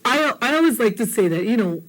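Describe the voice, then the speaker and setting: A woman's voice: a little high, expressive, fairly quick, poor audio. A woman teaches a language lesson. She talks encouragingly and repeats phrases so learners can practice along.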